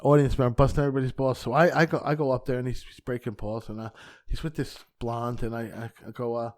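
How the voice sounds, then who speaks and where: A man's voice: medium pitch, fast. Male podcast host; casual, swearing storyteller with a mid-range voice. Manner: animated storyteller, profane. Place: basement.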